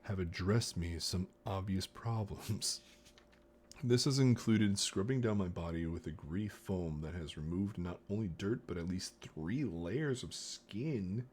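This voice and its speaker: Brief: deep-voiced guy reading a novel live, unhurried, jokey asides on a desk mic. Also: a little mellow, slightly rough. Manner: slow reading broken by joking asides. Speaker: streamer. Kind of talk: casual storybook reading on stream.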